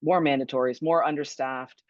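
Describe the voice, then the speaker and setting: A woman's voice: extremely low pitch, fairly even intonation, normal speed, dry recording. A woman who was a fire battalion chief, answering webinar questions in an earnest, conversational way with frequent ums and restarts. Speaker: guest speaker, former fire battalion chief. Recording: dull lo-fi dry webinar audio.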